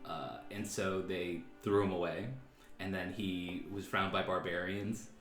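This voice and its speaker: A man with a deep, low voice excitedly telling his character's backstory at a tabletop game. The room is echoey, with faint music underneath. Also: unhurried. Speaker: player.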